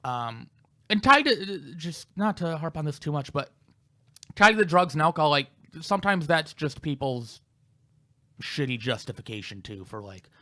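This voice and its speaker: A comedian co-host tells candid, self-deprecating stories in a loose podcast chat. His voice is a bit high and bright. He talks in long, casual runs. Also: animated, moderate pace.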